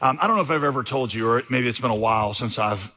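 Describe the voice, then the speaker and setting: A man's voice: mid-range voice, fast, sharp tone, slightly rough, in a large hall. A male pastor preaching a sermon, telling a story and reading quotations aloud.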